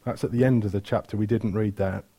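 A man's voice: on the low side, steady tone, fast talker, warm tone, breathy edge. A man preaching a sermon, retelling stories with energy, asking the room questions and correcting himself mid-flow.

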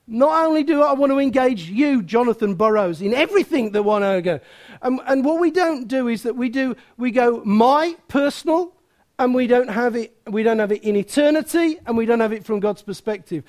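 High-voiced preacher. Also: male voice, animated, a little fast, a little mellow. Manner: chatty, self-mocking, asks the room questions. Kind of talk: sermon.

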